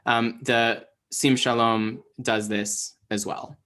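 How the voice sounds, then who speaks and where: A man's voice: mid-range voice, little pitch movement, takes it slowly, sharp tone. Casual young man teaching Hebrew. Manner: casual, many fillers and restarts. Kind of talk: online lesson, explaining.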